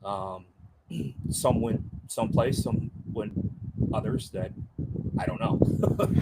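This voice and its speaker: A man's voice: on the low side, slow, vocal fry, very noisy. A middle-aged man, a former Marine, telling stories in a casual interview, rambling with many fillers and acting out others' lines. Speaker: Marine veteran guest.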